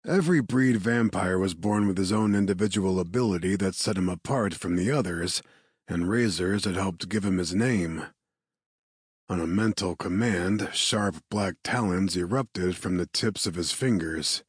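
A man narrating an audiobook with a very low, husky voice. He reads at a measured, steady pace, close to the mic in a dry, dead studio sound. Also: no room sound.

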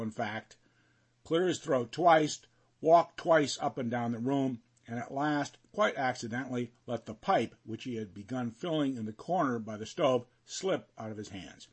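Husky guy reading a classic story out loud, lots of ups and downs in his voice. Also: medium pitch. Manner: expressive, storytelling. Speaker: audiobook narrator. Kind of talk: scripted narration.

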